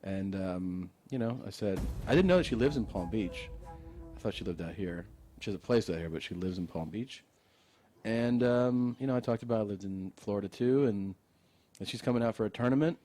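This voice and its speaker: A man, a comedian and podcast co-host, telling a relaxed story in casual chat with plenty of fillers. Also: on the low side, fairly quick, a little hiss or hum.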